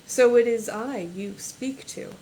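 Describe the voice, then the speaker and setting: A woman's voice: a little high, slow pace, mellow, slight background noise, low-quality recording. Woman reading as a commanding noblewoman near forty, detached and haughty, a little raised.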